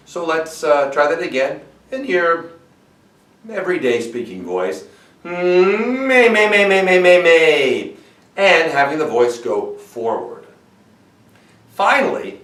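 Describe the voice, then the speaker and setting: A man teaching vocal warm-up exercises as a voice coach and demonstrating the sounds himself. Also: roomy sound, far from the mic. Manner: demonstrates sung vocal exercises, swooping high to low.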